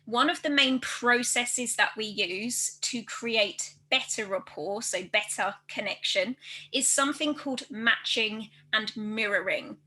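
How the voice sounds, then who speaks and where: Woman teaching at a quick clip, bright clear voice, kinda high. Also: poor audio. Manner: fast, loud and well articulated. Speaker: presenter. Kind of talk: training video talk.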